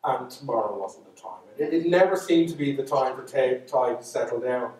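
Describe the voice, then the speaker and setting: A man's voice: medium pitch, normal speed, a little mellow. An Irish man telling a folk tale live to an audience, with chatty asides. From Ireland. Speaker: storyteller. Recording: echoey hall, speaker far from mic.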